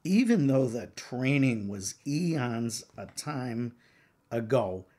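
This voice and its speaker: A man's voice: medium pitch, big pitch swings, takes it slowly, mellow. An older man, a professor and exam-prep author, lecturing earnestly and emphatically to counseling exam takers.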